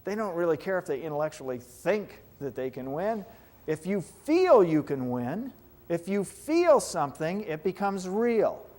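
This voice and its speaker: A man's voice: a little high, a little mellow. A man giving a classroom lecture on hypnotherapy, talking conversationally and checking in with his students with questions.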